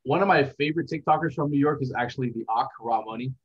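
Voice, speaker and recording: A young man giving a casual interview as a content creator, talking in a relaxed, rambling, reflective way. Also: mid-range voice, fast, slightly rough. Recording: dull lo-fi sound.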